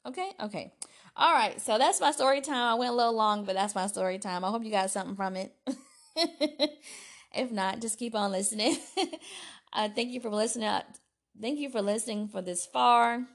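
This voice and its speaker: A woman's voice: medium pitch, normal speed. A woman hosting her own solo podcast, talking in a chatty, self-deprecating way with restarts. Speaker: podcast host. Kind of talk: casual solo podcast talk.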